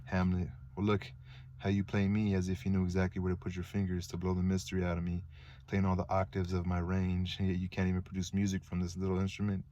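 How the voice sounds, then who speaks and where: A man's voice: deep voice, completely flat delivery, fast, dark tone, highs cut off, close to an everyday voice. A man reading the lines of a bitter, sarcastic young prince in his own plain voice.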